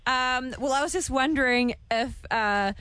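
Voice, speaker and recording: A woman's voice: sits high, a little slow, a bit bright, clean tone, dry recording. A woman co-hosting a radio show, chatting, laughing often and reading listener texts aloud. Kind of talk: casual radio banter.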